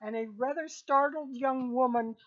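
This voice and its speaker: High-voiced woman game master, lo-fi sound. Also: normal speed. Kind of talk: narrating a tabletop game. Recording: dull lo-fi recording.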